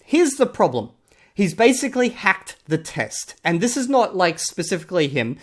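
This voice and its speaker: Blunt, sarcastic Australian man with a lively voice. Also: sits high, normal speed. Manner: blunt, sarcastic, swears casually. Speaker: channel host reviewing a video. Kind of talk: casual commentary.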